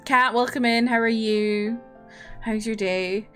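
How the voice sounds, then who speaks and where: A woman's voice: on the high side, steady tone, slow, fairly bright tone, faint music behind. A tired young woman streamer chatting casually and rambling, often breaking into laughs.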